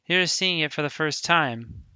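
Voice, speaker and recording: A man reading aloud the lines of a teenage girl who seems cheerful but hides deep depression, in a soft, subdued way. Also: normal speed, smooth, no room sound. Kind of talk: reading a visual novel aloud.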